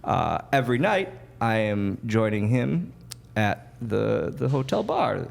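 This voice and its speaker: Gravelly-voiced man from Wisconsin. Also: fairly low pitch, very animated, takes it slowly. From Wisconsin, USA. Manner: self-deprecating, laughing often. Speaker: guest. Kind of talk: casual storytelling.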